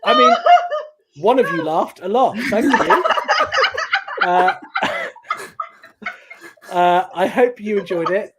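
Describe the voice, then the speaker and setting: A man doing a stand-up comedy set over a video call, animated and telling stories with acted-out voices. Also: sits high, takes it slowly, pauses often, very noisy.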